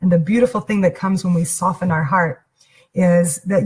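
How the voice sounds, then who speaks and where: A woman's voice: on the low side, moderate pace, a little mellow, breathy edge. A woman giving a reflective spiritual teaching that weaves in a personal story. She speaks in an earnest, intimate way and often rephrases and repeats herself.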